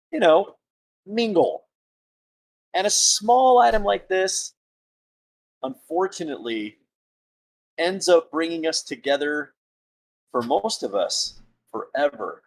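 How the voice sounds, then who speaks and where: A man in a tabletop role-play game voicing a boastful, womanizing male adventurer who gives a drawn-out seductive speech. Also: on the high side.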